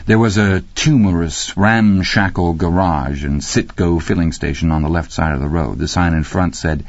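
A man reading an audiobook in a wry, expressive storytelling manner. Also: sits low, normal speed, few pauses, no room sound. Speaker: audiobook narrator. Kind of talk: scripted narration. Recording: dry, slightly muffled recording.

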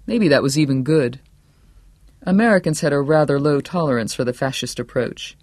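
A man's voice: fairly high pitch, no room sound. Man reading a novel aloud, dry. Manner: measured, steady storytelling. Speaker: audiobook narrator. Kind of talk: scripted narration.

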